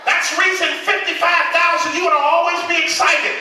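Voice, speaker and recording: A man preaching a sermon as pastor, calling out questions for the congregation to answer and shouting at the peaks. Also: very high voice, steady tone, brisk. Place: large church hall with congregation. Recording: echoey hall from far off, crowd noise.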